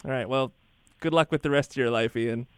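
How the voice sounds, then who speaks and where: A man co-hosting a casual radio show, upbeat and quick to react to guests. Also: mid-range voice, clean tone, no room sound. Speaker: podcast co-host.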